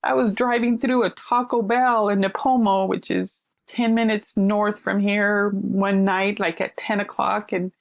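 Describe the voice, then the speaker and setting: A middle-aged woman, a counselor, telling stories in casual conversation and acting out quoted voices with lively animation. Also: medium pitch, unhurried, gravelly, few pauses, no room sound, lo-fi sound. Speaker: counselor sharing her story. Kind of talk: conversational storytelling.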